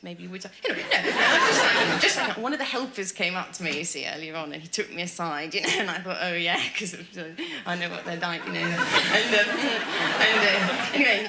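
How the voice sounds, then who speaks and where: Woman, stand-up, rambling, giggly asides, quick delivery, heavy noise. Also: medium pitch. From Britain. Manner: rambling, self-interrupting, nervous giggles. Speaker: stand-up comic. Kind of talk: deadpan stand-up monologue.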